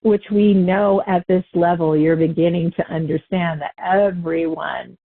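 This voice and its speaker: A woman with a fairly low voice gives an unscripted spiritual teaching talk. She speaks in a loose, conversational way, stopping to correct herself and laughing lightly. The sound comes through a thin, phone-like line. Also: fairly even intonation, unhurried.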